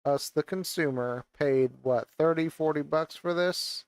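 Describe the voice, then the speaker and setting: A man with a higher-than-average voice that's clear and resonant speaks at a measured pace with no room sound. Wearing a VR headset and using a gaming mic, he rants and swears angrily about the game he's playing, like a venting gaming vlogger.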